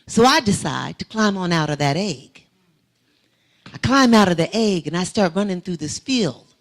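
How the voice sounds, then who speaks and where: A woman's voice: fairly low pitch, lively intonation, normal speed. A woman giving a testimony sermon in a church, telling a vivid story that swells into emphatic preaching. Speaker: guest speaker. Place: church sanctuary.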